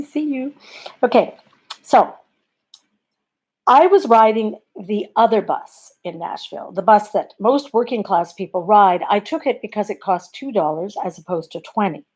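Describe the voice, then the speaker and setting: A comic storyteller from Canada, telling a bedtime story in a wry, conversational, self-deprecating way. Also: female voice, mid-range voice, darkish tone.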